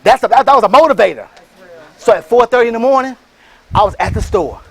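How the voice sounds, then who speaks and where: High-voiced man preaching business success. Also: expressive, quick pace, gravelly, slightly rough. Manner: preacher-like, rallying the crowd with call-and-response and shouted bursts. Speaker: motivational speaker and franchise entrepreneur. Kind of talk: motivational speech.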